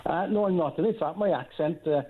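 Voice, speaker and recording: A man's voice: fairly high pitch, fairly quick. Welsh Valleys man on a tinny phone line. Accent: South Wales Valleys. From Rhondda Valley, Wales. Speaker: caller.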